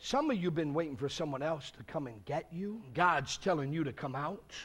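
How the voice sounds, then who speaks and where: A man preaching a revival sermon, acting out the story's voices and building up to loud shouts. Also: on the high side, animated, fairly quick, slight background noise.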